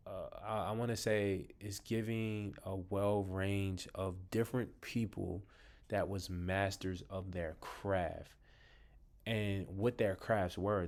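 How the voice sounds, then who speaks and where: A man casually talking to his viewers about his favorite books, rambling, with many ums and restarts. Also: low voice. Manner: addresses viewers as "you guys". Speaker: vlogger reviewing books. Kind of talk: casual talk to camera.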